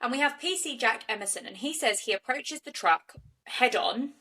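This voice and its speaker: A woman's voice: a little high, expressive, moderate pace, sharp tone. A woman, co-hosting a podcast and recounting a case in a chatty, loose style full of restarts. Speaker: podcast co-host. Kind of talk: casual true-crime storytelling.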